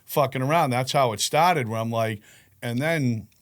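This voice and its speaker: A man telling profane stories in a relaxed group chat. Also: medium pitch, moderate pace. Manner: profane, animated storyteller. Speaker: podcast guest. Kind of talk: casual storytelling chat.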